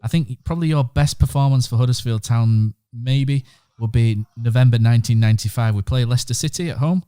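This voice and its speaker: A man's voice: mid-range voice, brisk, mellow, clean tone. A man hosting a podcast, laying out facts to set up his questions. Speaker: podcast host. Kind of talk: interview questions.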